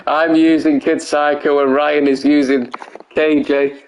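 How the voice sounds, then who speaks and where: A young man commentating a wrestling video game on a live stream, excitable and tired, laughing and swearing often, his voice hoarse. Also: on the high side, slow, pauses often, a little hiss or hum.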